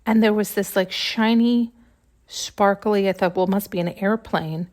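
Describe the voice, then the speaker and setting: With a steady mid-range voice at normal speed, a female podcast host offers a searching, rambling monologue of intuitive musing. Her sentences often restart, and she is sometimes on the edge of tears.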